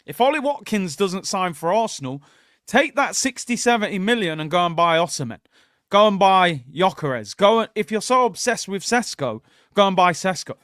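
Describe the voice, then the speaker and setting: A man's voice: sits high, expressive, normal speed, a bit bright, no room sound, clean studio sound. A man hosting a football fan channel, ranting in exasperation during a live watchalong and repeatedly addressing his viewers directly.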